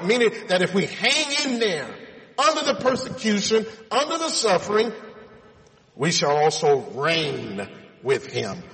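A man's voice: high-pitched, fairly bright tone, in a large hall, low-quality recording. A man preaching a sermon, reading scripture aloud and explaining it, calling his listeners friends.

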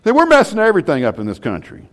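Animated preacher man. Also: sits high, racing. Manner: animated, rhetorical questions to the class. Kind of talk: Bible class sermon.

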